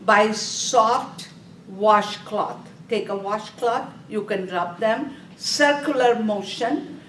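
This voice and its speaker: A woman teaching a nursing exam class, speaking slowly and repeating key terms for students to underline. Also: mid-range voice, fairly bright tone, slight background noise. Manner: slow, repetitive, directive teaching. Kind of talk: classroom lecture. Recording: echoey room from a distance.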